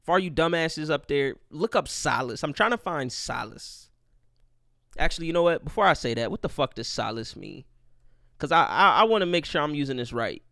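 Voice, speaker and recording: A man's voice: fairly high pitch, expressive, a little fast, gravelly, bright, forceful tone, dry recording, clean studio sound. A young man hosting a casual solo podcast, rambling and profane, joking at his own expense. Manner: profane, rambling, self-deprecating. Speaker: podcast host.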